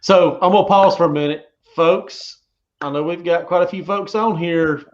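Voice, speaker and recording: A man hosts a live stream interview with anglers, chatting in a relaxed, folksy manner that loops back on itself. His voice comes through dull and lo-fi, like live stream audio. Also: fairly high pitch, normal speed. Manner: relaxed, folksy, repeats himself. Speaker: host of a live fishing show.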